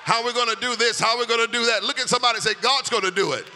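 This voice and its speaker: Man, preacher, very high voice, shouting, sing-song cadence, echoing church hall, music behind. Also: fairly even intonation, rapid-fire. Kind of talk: sermon. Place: church sanctuary. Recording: music and long hall reverb.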